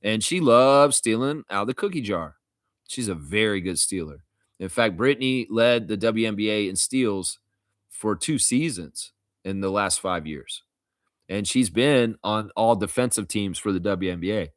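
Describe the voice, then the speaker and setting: A man's voice: on the low side, lively intonation, normal speed, dry recording, clean studio sound. A man hosting a casual live stream, reading chat comments and rambling with jokes and laughter.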